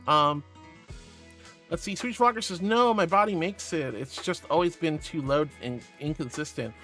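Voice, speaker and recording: A male VTuber streamer chats casually with his viewers and reads their messages aloud. His voice sits fairly high, and he talks in a gentle, doting way, calling everyone sweetie and darling. Quiet music plays underneath. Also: normal speed. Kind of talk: casual chat, reading chat aloud.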